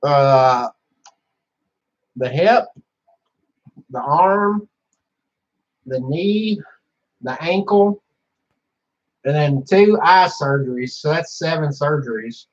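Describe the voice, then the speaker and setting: Profane rambling man, slightly high voice. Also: expressive, very slow, long pauses. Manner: profane, rambling, frequent fillers. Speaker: vlogger. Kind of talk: casual storytelling monologue. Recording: dull lo-fi sound.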